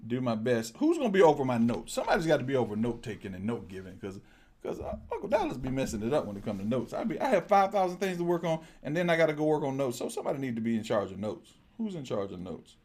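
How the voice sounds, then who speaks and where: A man preaching a sermon, addressing the congregation directly and repeating his phrases. He swings between low murmurs and loud exclamations.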